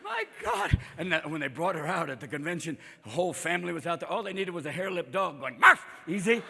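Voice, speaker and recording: A man doing a live stand-up set, manic and profane, jumping in and out of quick impressions. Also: a little high, big pitch swings, vocal fry, fairly bright tone. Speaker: stand-up comedian. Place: on stage before a live audience. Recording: live crowd laughter, noisy hall.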